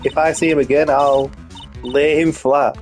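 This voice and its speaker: A man's voice: fairly high pitch, steady tone, a little slow, a little mellow, soft background music, close to an everyday voice. A man reading the lines of a cranky, violent old woman guard, panting and puffing between words. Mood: threatening.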